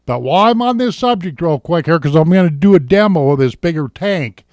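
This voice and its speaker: This man talks a little fast in a fairly high, animated voice. A vlogger from Montana, he's doing a casual, folksy, rambling review of vape gear on a webcam at home, calling his viewers ladies and gentlemen.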